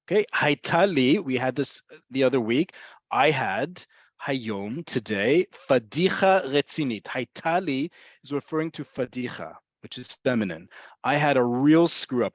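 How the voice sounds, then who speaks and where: A man's voice: medium pitch, dry recording. Man teaching over muffled webinar audio. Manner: explanatory, repeats points, addresses folks. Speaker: Hebrew slang teacher. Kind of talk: webinar lesson.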